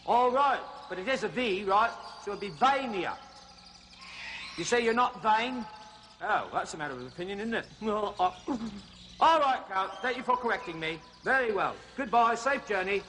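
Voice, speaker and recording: A man's voice: high-pitched, animated, moderate pace, pushed and bright, slight background noise. An actor playing a cheerful male zoo host who talks chattily and folksily straight to young viewers. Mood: chatty.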